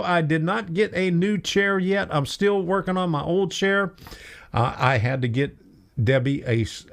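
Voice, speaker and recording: A man's voice: mid-range voice, creaky. An older man hosting a live stream, greeting viewers by name in a chatty, folksy way. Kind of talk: casual live stream chat.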